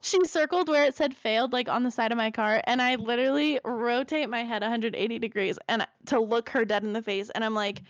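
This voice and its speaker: A young woman in casual chat, telling an animated story full of "like" fillers. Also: a little high, fairly quick, few pauses, dry recording. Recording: slightly dull lo-fi dry sound.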